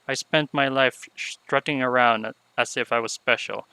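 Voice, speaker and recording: A man reading aloud the lines of a remorseful young female unicorn showmare from a game, in a soft, subdued voice. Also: medium pitch, fairly even intonation, unhurried, smooth, no echo, rough recording.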